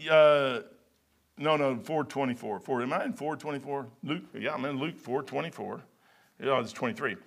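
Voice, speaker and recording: Man, preacher, casual storytelling sermon, folksy, rambling, slightly high voice. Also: lively intonation. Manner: reads scripture slowly, then trails off quietly.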